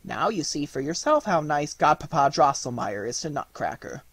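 A grave and proper mother in a storybook, as a man reading aloud puts her on. She speaks sternly and measuredly, the voice slightly husky and dry. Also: on the high side, big pitch swings, normal speed, fairly bright tone, no echo.

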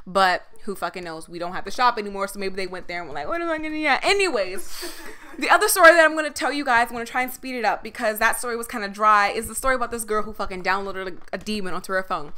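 A young woman co-hosting a podcast, telling a story in a casual, animated way, laughing often and swearing freely. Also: mid-range voice, quick pace. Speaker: podcast co-host.

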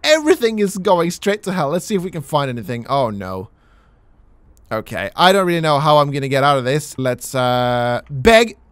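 A man's voice: medium pitch, very animated, moderate pace, a bit bright, smooth, no echo. A man hosting a let's play, commenting with jokes, mock-pleading and casual swearing. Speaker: gaming channel host.

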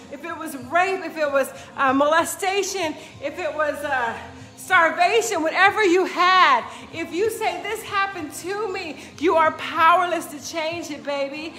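A woman fitness coach giving an energetic, emphatic motivational pep talk, laughing often and whooping. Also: extremely high pitch. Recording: roomy echo.

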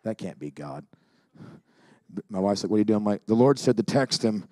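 A man's voice: lowish voice, fast talker, no echo. Fervent male preacher, dry close sound. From Alaska. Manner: builds to shouting, then drops to quiet storytelling. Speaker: pastor. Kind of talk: Pentecostal sermon with storytelling.

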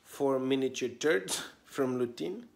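A man's voice: mid-range voice, slow, creaky. A man casually narrating his own vlog like a mock tour guide, talking in a put-on accent he can't place. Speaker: comedian vlogger.

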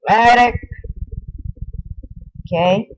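A young man giving casual, excitable commentary while playing a game. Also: very high-pitched, drawn-out words, slight background noise, poor audio. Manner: excitable, yelps and exclaims at game events. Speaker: gamer.

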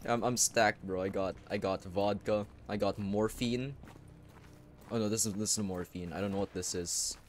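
A young man streaming a game, rambling and swearing, with sudden loud outbursts between mumbled remarks. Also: fairly low pitch, steady tone, moderate pace. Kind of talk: live gameplay commentary.

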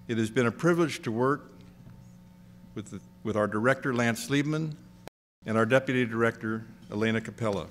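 An older man, the outgoing president of an institute, giving a measured, gracious after-dinner speech with touches of dry humor. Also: mid-range voice, a little hiss or hum.

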